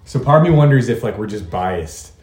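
Soft-spoken man musing in a family chat. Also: on the low side, expressive, brisk. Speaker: family member guest. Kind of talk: casual chat.

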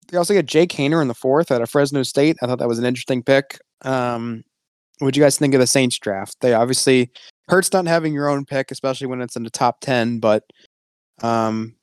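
A young man with a smooth, resonant voice runs a casual sports podcast. He steers the conversation briskly and lists picks plainly, close to a dry mic. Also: medium pitch, no room sound. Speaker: podcast host running the segment.

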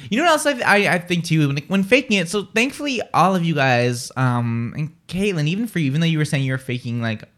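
A man's voice: a little high, expressive, a bit bright. A young adult man hosting a morning radio show, rambling casually with lots of "like". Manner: rapid, rambling talk with many "like"s. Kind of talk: casual chat. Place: radio studio.

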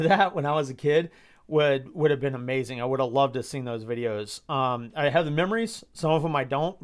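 Man, thirties, from Georgia, live stream host, reflective, hesitant, average pitch. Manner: reflective, hesitant with many ums, gets emotional.

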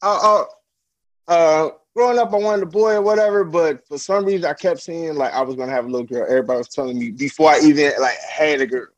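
A young man appears as a podcast guest, chatting casually about fatherhood in a loose, laid-back style. He laughs often and acts out what people said in a raised voice. His voice is a little high and quick, with no room sound but poor audio quality.

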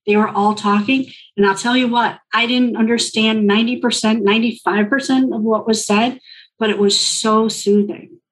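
A woman's voice: on the high side, fairly even intonation, moderate pace, rough recording. A woman guest telling her personal story in an interview, reflective and full of filler likes.

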